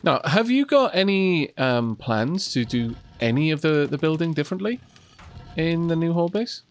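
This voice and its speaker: A man's voice: a little high, expressive, normal speed. Dry-humored man chatting over gameplay. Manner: dry sarcastic humor, hesitant with ums. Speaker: let's play host. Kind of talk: casual co-op gameplay chat.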